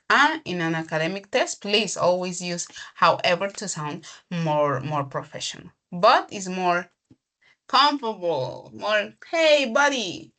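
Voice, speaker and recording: A woman teaching an English grammar class, explaining slowly, repeating herself and checking in with the student. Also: lowish voice, a bit bright.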